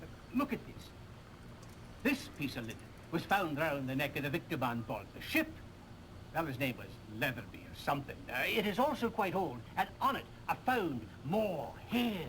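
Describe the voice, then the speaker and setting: A rambling old chemist in a video game cutscene, excitable and forever mixing up names. His voice sits high and swoops about a lot. A faint hiss runs under the old game audio. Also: moderate pace, rough recording. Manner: scatterbrained, mixes up names, excitable. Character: rambling absent-minded old male police chemist.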